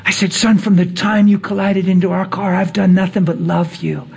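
A man preaches through a personal story, animatedly acting out dialogue and climbing to emphatic highs. His voice is gravelly and slightly rough, at a normal speed.

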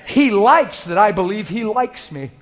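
A man preaching a sermon to a congregation in a conversational way, moving between quiet prayerful passages and playful, laughing stories. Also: high-pitched, big pitch swings, a little slow. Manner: conversational, shifts into soft spoken prayer and playful storytelling. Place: church room before a congregation.

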